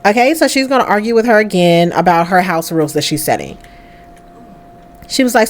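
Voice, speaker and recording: A woman's voice: medium pitch, animated, brisk. A woman hosting a let's play, narrating a life-sim game and voicing the characters' dialogue as quoted asides.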